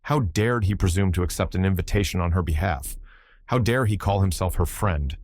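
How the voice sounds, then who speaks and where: A man narrating a classic crime novel as an audiobook in a steady, measured reading. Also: low voice.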